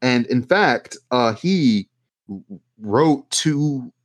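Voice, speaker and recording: Man, casual podcast chat, sarcastic, swears a lot, mid-pitched voice. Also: expressive, extremely slow. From United States. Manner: sarcastic, riffing, swears freely. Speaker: podcast co-host.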